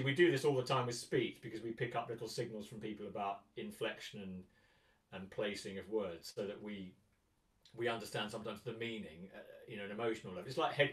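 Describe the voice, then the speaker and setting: A man teaching a guitar masterclass in a chatty way, often counting and singing rhythms aloud. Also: lowish voice. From England. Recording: roomy sound, mic at a distance.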